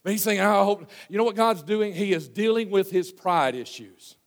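A male pastor preaching a sermon in a church, folksy and storytelling, with many restarts, swinging from hushed asides to loud emphasis. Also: high voice, expressive, normal speed, big-room sound. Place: church sanctuary.

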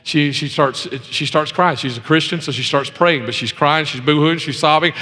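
A man preaches with a forceful, bright edge. He shifts from loud emphatic lines to quiet asides and tells stories in a folksy way, repeating himself. The sound carries a long reverb, like a large sanctuary. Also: fairly high pitch, fairly even intonation, fairly quick, few pauses. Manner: impassioned preaching, swinging from loud to hushed; folksy storytelling with repetitions. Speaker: pastor. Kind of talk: sermon.

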